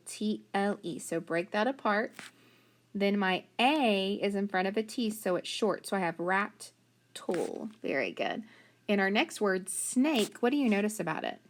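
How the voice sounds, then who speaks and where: A woman's voice: mid-range voice, expressive, normal speed. A woman teacher giving a phonics lesson, sounding out letters one by one and praising each answer.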